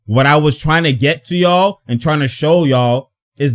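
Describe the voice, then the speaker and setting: A young man giving casual, animated commentary while reacting to a basketball game, slangy and laughing often. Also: fairly high pitch, moderate pace. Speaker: sports commentator.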